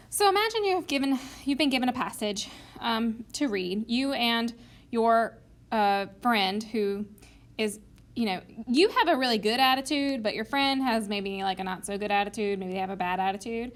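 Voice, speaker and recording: A woman teacher recording a video lesson for her students, explaining step by step and acting out both sides of an argument. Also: on the high side.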